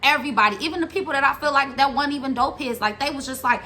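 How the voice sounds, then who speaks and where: A young woman telling a story about her own past in a casual vlog, animated and profane, acting out other people's lines. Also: high-pitched, quick pace, slight background noise.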